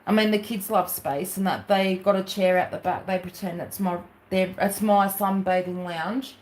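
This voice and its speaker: A woman's voice: mid-range voice, steady tone, moderate pace, a little mellow. A woman with an Australian accent who hosts a crafting livestream and chats casually to viewers, rambling through asides with many fillers.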